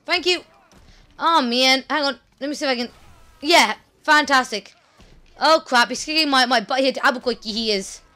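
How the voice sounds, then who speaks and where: Woman let's player; high, bright, sharp tone; chatty, excitable, apologetic. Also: brisk, faint music behind. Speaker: let's play gamer. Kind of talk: casual gameplay commentary.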